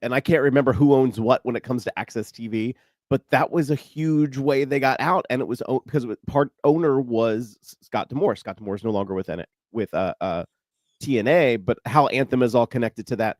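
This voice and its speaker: A man's voice: mid-range voice, darkish tone, dry recording, studio quality. A man speaking as a guest on a radio show, chatting casually and laughing between his points. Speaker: guest panelist. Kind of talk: casual chat.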